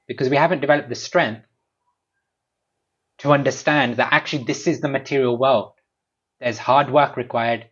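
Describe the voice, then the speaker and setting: A man giving a devotional talk at a home gathering, animated and lively, sometimes acting out small scenes. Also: mid-range voice. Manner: animated, acts out little scenes with raised voice. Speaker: speaker at a home program. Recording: dull lo-fi recording.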